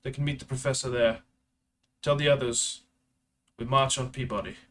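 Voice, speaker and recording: A man's voice: mid-range voice, fairly even intonation, moderate pace, lightly acted. A man voicing a stern male spymaster commander who gives curt, clipped orders in a tabletop game. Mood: urgent.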